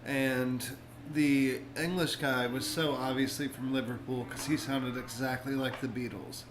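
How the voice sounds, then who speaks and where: A man's voice: medium pitch, little pitch movement, measured pace, noisy background. A man co-hosting a podcast in casual, rambling chat while watching a show. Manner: laid-back, rambling, laughs and coughs. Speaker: podcast co-host.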